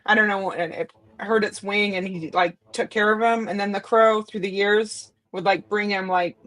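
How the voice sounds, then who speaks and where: A woman's voice: medium pitch, steady tone, normal speed, a bit bright. Chatty co-host woman who laughs easily. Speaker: co-host reading viewer comments. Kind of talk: casual livestream chat.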